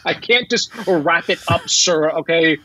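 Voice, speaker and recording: A man's voice: on the high side, a little slow, sharp tone. A man improvising a flustered, stammering farmer who protests and stumbles over his words. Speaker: improv comedy participant. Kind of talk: improvised comedy sketch.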